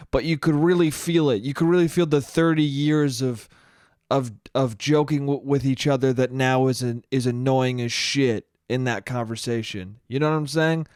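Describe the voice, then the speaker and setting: A man's voice: a little high, clean tone, no room sound, studio quality. A man hosting a solo podcast, telling comic stories and acting out quoted voices, swearing casually. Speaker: podcast host. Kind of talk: solo comedic monologue.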